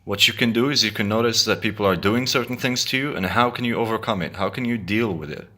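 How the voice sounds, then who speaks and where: A man's voice: fairly low pitch, quick pace, sharp tone. A man talking earnestly to his viewers in a casual monologue, often restarting his words. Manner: earnest, repetitive, stumbling restarts. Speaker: video blogger.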